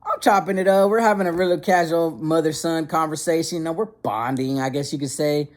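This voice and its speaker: A man's voice: on the high side, fairly quick. A young man telling a funny personal story in casual slang, repeating words and restarting sentences as he goes.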